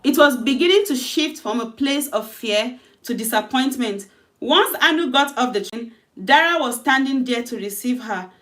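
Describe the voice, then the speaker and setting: A woman with a somewhat high voice tells her own short story in a relaxed, chatty way. She talks through the dialogue loosely and corrects herself mid-sentence. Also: moderate pace. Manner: loose, conversational retelling with self-corrections.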